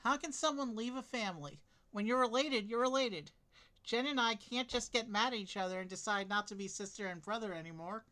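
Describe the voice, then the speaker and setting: A man's voice: sits high, brisk, pushed and bright. A man voicing a curious, skeptical young boy in plain read-aloud delivery for a game. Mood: puzzled.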